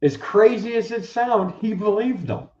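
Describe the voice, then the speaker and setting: Animated preaching man, roomy dull sound. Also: high voice, a little slow, a little hiss or hum. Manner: animated, acts out quoted speakers. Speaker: guest, Bible teacher. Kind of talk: casual conversational preaching.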